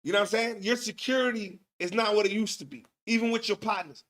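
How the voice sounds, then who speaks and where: Man, high voice, slangy profane livestream host. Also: fast talker, fairly bright tone. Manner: slangy, profane, laughs often. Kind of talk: casual live-stream commentary.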